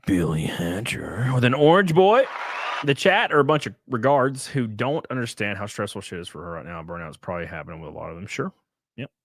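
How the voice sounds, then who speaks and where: A man's voice: lowish voice, lively intonation, fairly quick, dry recording. A man chatting casually on a live stream, rambling, laughing and reading out chat messages. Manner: rambling, reads chat aloud, laughs often.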